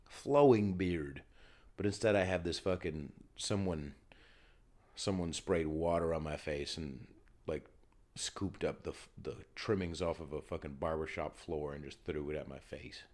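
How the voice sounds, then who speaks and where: A man hosting a solo podcast, ranting and riffing with lots of profanity while getting over a cold. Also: deep voice. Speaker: podcast host. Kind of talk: solo comedic podcast rant. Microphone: filming himself on camera.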